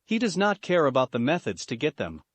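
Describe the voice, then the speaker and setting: A man voicing a calm, stern young male ninja in a flat, measured way in a read-aloud story. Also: fairly high pitch, breathy edge, no room sound, full character voice.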